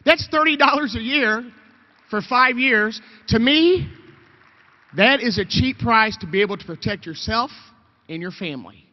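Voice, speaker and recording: A man's voice: extremely high pitch, expressive, unhurried. A man giving an emotional, fervent rally speech as a state representative, calling out to the crowd. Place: outdoor rally, large reverberant space. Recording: dull lo-fi sound with long reverb.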